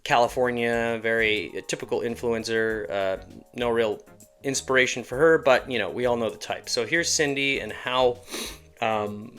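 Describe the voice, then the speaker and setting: A man's voice: mid-range voice, normal speed, fairly bright tone, clean tone, soft background music. A man, an animator and show creator, explaining his voice work in a casual, rambling tutorial. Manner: casual, rambling, self-deprecating. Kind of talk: tutorial walkthrough.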